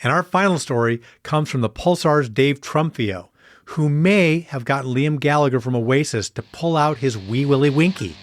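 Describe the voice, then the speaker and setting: A man's voice: mid-range voice, normal speed, no echo, soft background music. A man hosting a podcast, introducing the next story with a wry aside. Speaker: podcast host. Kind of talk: introducing segments.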